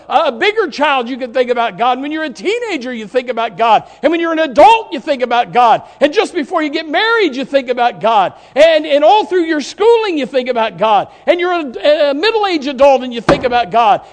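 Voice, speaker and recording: High-voiced impassioned pastor preaching. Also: male voice. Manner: impassioned, rising to shouts on key words. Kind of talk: sermon. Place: church.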